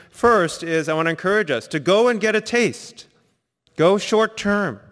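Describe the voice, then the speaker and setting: A man preaching a sermon, telling a personal story, sometimes quiet and reflective, sometimes emphatic. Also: high-pitched, long reverb tail. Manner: storytelling, shifts between soft reflective and emphatic. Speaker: pastor. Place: church sanctuary.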